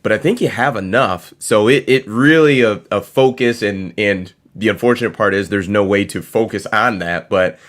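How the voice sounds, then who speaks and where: A man from Michigan with a somewhat low voice discusses football. He is measured and hesitant, using fillers as he builds his point. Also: fairly bright tone. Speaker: co-host. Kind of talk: casual chat, sports analysis.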